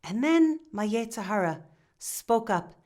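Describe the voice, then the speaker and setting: A woman's voice: fairly high pitch, expressive, unhurried, a little mellow. A woman voicing a humble young village man who confesses his guilt earnestly and stumbles over his words. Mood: remorseful. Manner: confessional, stammering with restarts.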